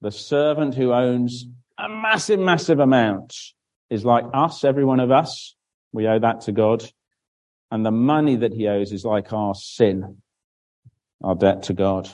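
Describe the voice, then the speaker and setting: A man's voice: mid-range voice, unhurried, darkish tone, rough recording. A man giving a children's Bible talk in church, explaining simply and asking questions that he then answers himself. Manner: draws on a board while speaking, with frequent restarts.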